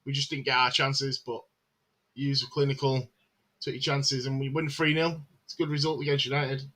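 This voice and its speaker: A man's voice: medium pitch, flat delivery, moderate pace, sharp tone. A man hosting a live match watchalong stream, chatting casually, calling the play and answering viewer comments with frequent filler words.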